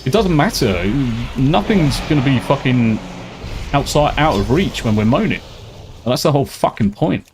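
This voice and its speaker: A man's voice: medium pitch, very animated, normal speed, slight background noise. A British man streaming a game, ranting and swearing freely in casual chat. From Britain. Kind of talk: casual live-stream chat while gaming.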